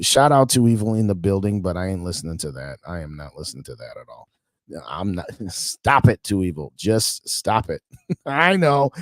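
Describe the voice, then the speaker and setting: A man's voice: mid-range voice, no room sound, clean studio sound. A man hosting a live sports podcast, ranting in an exasperated way about his team and answering viewers' chat. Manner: animated, exasperated ranting with laughs and chat replies. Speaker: podcast host. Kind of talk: livestream sports rant.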